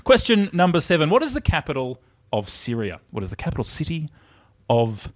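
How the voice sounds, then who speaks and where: Man, quiz host, playful, lively pitch, dry close sound. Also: brisk, dry recording. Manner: playful, riffing on the guests' jokes. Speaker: comedy podcast host and quizmaster. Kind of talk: casual comedic banter.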